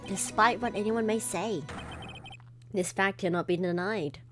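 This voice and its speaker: A woman voicing a stern older police chief in a game, reading his lines in a measured, lecturing way over background music. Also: medium pitch, natural voice.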